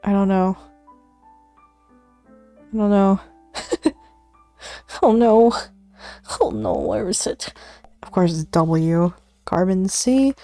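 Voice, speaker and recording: Streamer woman, slow and mellow, quietly mutters and whispers while studying, close dry mic. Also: mid-range voice, creaky, no echo, faint music behind. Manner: muttering element names to herself, often dropping to a whisper; self-deprecating, laughs at her own slips. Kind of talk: casual study stream chatter.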